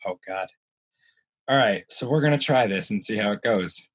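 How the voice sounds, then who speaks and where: A man's voice: fairly low pitch, animated, moderate pace, poor audio. A man hosting a podcast over a video call, laughing, joking and swearing freely. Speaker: podcast host.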